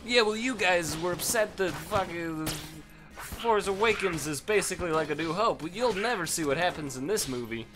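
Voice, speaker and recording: Brief: whiny, dismissive director, a bit higher than normal, as a man mocks him. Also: animated, moderate pace, over music. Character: whiny smug male film director.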